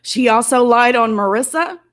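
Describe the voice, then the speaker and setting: A woman's voice: fairly high pitch, normal speed. A woman YouTuber giving an angry, emotional commentary, tearful and indignant as she talks. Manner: emotional, indignant, close to tears.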